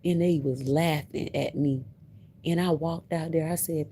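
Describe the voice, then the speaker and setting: On a casual livestream, a woman tells a story in a very dark, mellow voice, slow and slightly low, with a steady tone. She's emphatic, repeats herself, circles back on her words, and laughs between lines, while a faint hum runs in the background.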